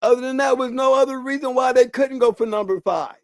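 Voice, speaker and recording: High-voiced man, emphatic and repetitive. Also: fairly quick, no room sound, studio quality. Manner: emphatic, repeats key words for stress; rambling with restarts. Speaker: channel host. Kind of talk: casual monologue.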